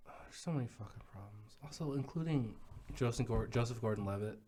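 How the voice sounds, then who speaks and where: A man of ordinary pitch talks emphatically in casual podcast chat. He swears a lot as he makes his points. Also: a little fast, mellow, slightly rough. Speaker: podcast co-host.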